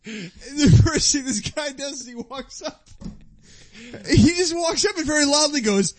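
A man hosts a casual comedy chat and tells a story in a giggly, animated way. His voice sits high and swoops up and down a lot. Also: measured pace.

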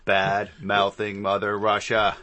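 Male podcast co-host, low voice, laid-back, slangy, laughs easily. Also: completely flat delivery, slow pace, highs cut off, crowd noise. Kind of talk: casual comedic chat.

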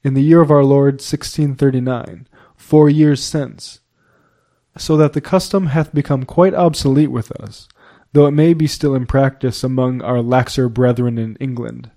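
Mellow-voiced man reading a classic novel. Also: medium pitch, fairly even intonation, moderate pace. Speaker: audiobook narrator.

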